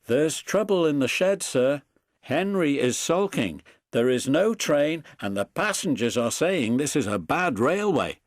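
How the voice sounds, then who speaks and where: A man playing a worried male station master, who speaks in an anxious, hurried way. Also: a little high, big pitch swings, dry recording, clean studio sound, pitched above the performer's own voice.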